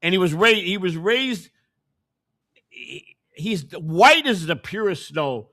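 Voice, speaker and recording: Male host, emphatic storyteller, bright voice, lively pitch. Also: slow pace. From Chicago. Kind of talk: casual conversational interview.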